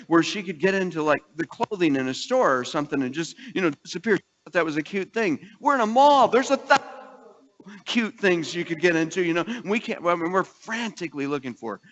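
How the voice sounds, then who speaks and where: A middle-aged male pastor with a fairly high voice, preaching in an easy, chatty storytelling manner. The recording sounds dull and lo-fi. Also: a bit bright, big-room sound. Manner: conversational storytelling preacher, voices the people in his stories. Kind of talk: sermon.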